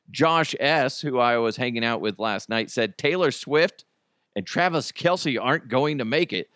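A male podcast host in a casual solo rant, swearing freely, animated and laughing at his own jokes. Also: medium pitch, measured pace, no echo, clean studio sound.

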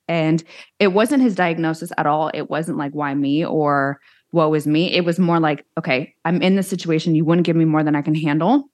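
A woman with a low, full voice appears as a guest on an interview show, where she's a social media influencer. Speaking at normal speed, she tells her own story frankly and plainly, in an animated, candid way.

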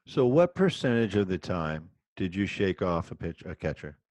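Low-voiced man hosting a podcast. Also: sing-song, moderate pace, darkish tone, no room sound. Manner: laughs along, brief prompts. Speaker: podcast host. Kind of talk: casual interview chat.

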